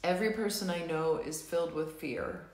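A woman coaching a live tapping session, saying slow, repeated affirmations for viewers to echo. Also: low-pitched, a little mellow. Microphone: live stream recording.

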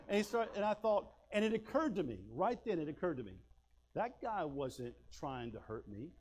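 A male pastor with a fairly high voice preaches in a folksy, storytelling way. He swings between loud bursts and hushed asides as he drives his points home. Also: expressive, quick pace, slight background noise. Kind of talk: sermon with personal stories.

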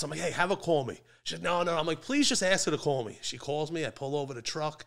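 A man's voice: on the high side, quick pace, vocal fry, hardly any pauses, a bit bright. A man telling a wild personal story on a podcast, brash and profane, laughing through it. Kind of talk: casual storytelling.

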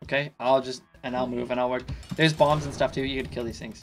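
A slightly drunk man giving casual let's play commentary, excitable and swearing in sudden panicky outbursts. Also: mid-range voice, brisk, hardly any pauses, soft background music. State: tipsy. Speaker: gaming YouTuber.

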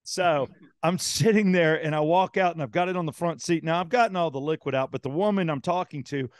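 A man's voice: a little high, a little fast, smooth, no room sound, clean studio sound. A man co-hosting a podcast, telling a long rambling story in casual chat and swearing freely. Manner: rambling, swears, animated retelling. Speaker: podcast co-host.

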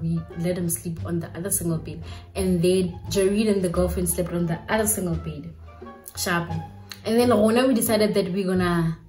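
A young South African woman with a South African accent, telling a personal story in a chatty, animated way. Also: on the low side. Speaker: YouTuber. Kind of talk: storytime vlog. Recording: echoey room with faint music.

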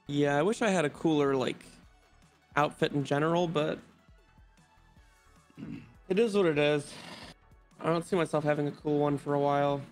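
A man's voice: fairly high pitch, normal speed, long pauses, faint music behind. A man chatting and laughing with friends while playing an online game, rambling through casual asides. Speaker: gaming friend. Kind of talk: casual gaming chat.

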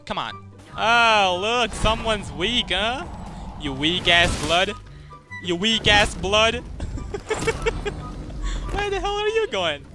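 Excitable trash-talking young gamer guy. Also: on the high side. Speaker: gaming YouTuber. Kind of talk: casual gameplay commentary. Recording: game music behind. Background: game music.

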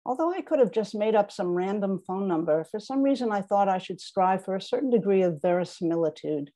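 A woman's voice: mid-range voice, expressive, brisk, warm tone. A middle-aged woman author reading her memoir aloud in a wry, understated way.

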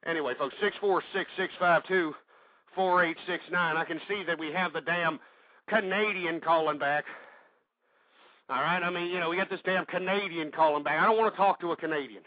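An older man hosting call-in talk radio, ranting in angry shouts and panting heavily between tirades. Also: a little high, a little fast, no room sound, muffled recording. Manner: angry shouting tirades, then heavy-breathing grumbling. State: out of breath. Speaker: radio talk show host.

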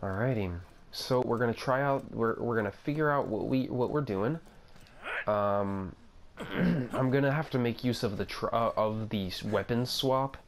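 Slow-talking young man narrating his gameplay. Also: mid-range voice. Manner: rambling, self-talking, easily amazed. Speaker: gaming video creator. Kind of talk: casual gameplay commentary.

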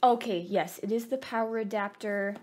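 A young woman vlogging an excited unboxing, bubbly and gushing, rambling with self-mocking asides and over-caffeinated giddiness. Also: mid-range voice, moderate pace, slight background noise. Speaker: gaming vlogger.

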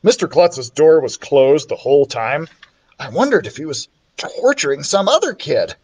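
A man reading a children's chapter book aloud, expressive and playful, switching voices for the characters. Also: moderate pace, slightly rough. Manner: expressive, voices the characters with big pitch swings. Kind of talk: storybook read-aloud.

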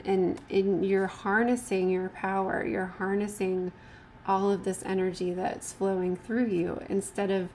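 A woman reads tarot cards in a gentle, rambling way, stopping often for fillers and restarts. Her voice sits at an ordinary middle pitch. A faint hum of the room stays behind her. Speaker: tarot card reader. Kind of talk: casual tarot reading with card text read aloud.

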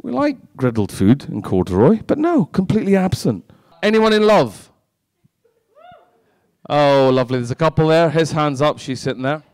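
A man doing stand-up comedy, trading sweary, quick banter with a live audience. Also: fairly high pitch, very animated, a little mellow. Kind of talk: stand-up comedy with crowd work.

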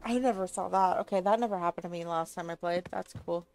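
A woman's voice: on the low side, quick pace, darkish tone. A woman streamer giving casual gameplay commentary, chatty and apologetic, swearing and laughing often. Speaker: streamer playing a horror game.

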